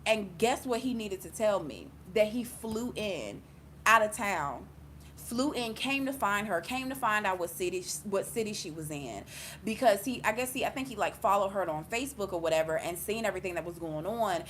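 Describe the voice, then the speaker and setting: A young adult woman giving an intuitive reading, telling a long story casually, full of fillers and animated exclaims. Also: medium pitch, moderate pace, slight background noise. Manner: rambling, filler-heavy, chatty; animated, laughs and exclaims often. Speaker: intuitive reader.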